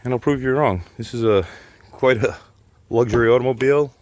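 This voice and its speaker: A man's voice: mid-range voice, a little fast, darkish tone, slight background noise. A middle-aged man, joking casually as he works on a car in his garage. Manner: joking, offhand, hands-on while working. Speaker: car repair vlogger. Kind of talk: casual how-to vlog.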